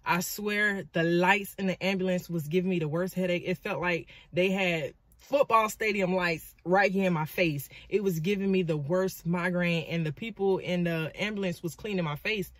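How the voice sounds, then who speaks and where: Woman vlogger; lively, dramatic storytelling with asides; dry, close recording. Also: on the low side, moderate pace, few pauses, dry recording. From Florida, US. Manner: animated, dramatic retelling with lots of asides. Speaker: vlogger and motivational speaker. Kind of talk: storytelling vlog.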